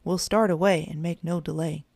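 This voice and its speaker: A woman's voice: fairly low pitch, fairly even intonation, moderate pace, vocal fry, darkish tone, dry recording. A woman voicing a jolly old bear grandfather who tells stories in rhyming sing-song speech.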